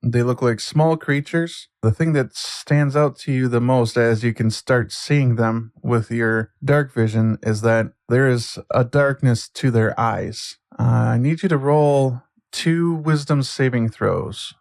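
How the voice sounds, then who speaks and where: Male game master, mid pitch, unhurried scene narration, dry close sound. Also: darkish tone, no room sound. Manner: slow, deliberate scene narration with hesitant fillers.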